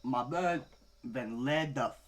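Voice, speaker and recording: Speaking slowly in a mid-range voice, a teenage vlogger in his late teens rambles through a foul-mouthed story-time rant. Nearly every phrase ends in "bro," and he shifts from mumbles to sudden yelling.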